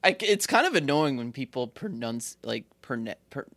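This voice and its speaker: A young co-host with a lively, bouncing pitch who laughs through stories and imitates other people's speech. The sound is dry and close to the mic. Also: moderate pace, dry recording. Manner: giggly storyteller, mimics people. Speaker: podcast co-host. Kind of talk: casual chat.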